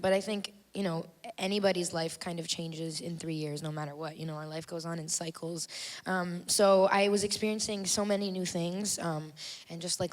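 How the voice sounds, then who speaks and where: A woman in her twenties, a singer, answering interview questions on a theater stage in an easygoing, reflective way, often pausing with fillers. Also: fairly low pitch.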